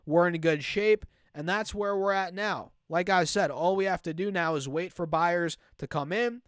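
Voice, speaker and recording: A man's voice: sits high, moderate pace, clear, resonant tone, dry recording, studio quality. Casual young man with a slight cold. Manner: casual, repeats "right?" and "man", speaks to "guys". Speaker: stock market YouTuber. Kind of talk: casual market commentary over charts.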